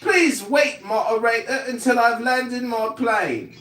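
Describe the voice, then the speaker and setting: A man's voice: extremely high pitch, takes it slowly, a bit bright, roomy sound, recorded from a distance. A man calling into an audio chat room, giving a mock-pompous, over-formal political rant that lectures the moderators.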